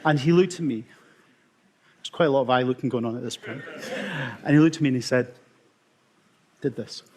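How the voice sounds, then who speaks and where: A middle-aged Scottish man, an emergency consultant, telling wry, self-mocking stories in a talk with dramatic pauses. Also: medium pitch, a little hiss or hum. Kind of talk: storytelling conference talk.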